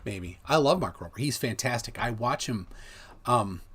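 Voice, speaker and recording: A middle-aged man hosting a livestream, talking casually in a rambling, animated way with many restarts. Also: mid-range voice, moderate pace, slightly rough. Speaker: livestream host.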